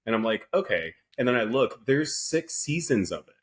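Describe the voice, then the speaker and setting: Man, lively up-and-down pitch, chatty, laughs often, podcast co-host. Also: moderate pace, a little hiss or hum. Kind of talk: casual chat.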